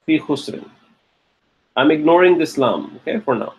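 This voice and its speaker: Male teacher, fairly high and a bit husky, patient classroom lecture with frequent check-ins. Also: animated, darkish tone. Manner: slows down and stresses key terms. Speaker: Arabic grammar teacher.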